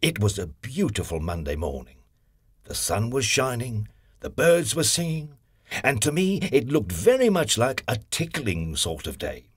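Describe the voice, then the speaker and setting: Mr. Tickle, gleeful and husky. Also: male voice, no echo, studio quality. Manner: gleeful, chatty, squeals up high on each tickle. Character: cheeky, playful male tickling character. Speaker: storyteller narrating in first person. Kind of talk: children's audio story.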